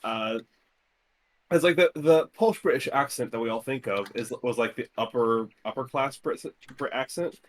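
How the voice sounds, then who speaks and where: A man in casual chat who swears freely and explains things at length in animated bursts. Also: medium pitch, normal speed.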